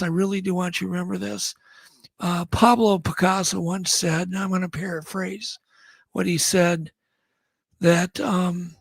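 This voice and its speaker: A man's voice: high-pitched, vocal fry, breathy edge, dry recording. A man hosting a radio talk show, signing off in an earnest, thankful way. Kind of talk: show sign-off chat.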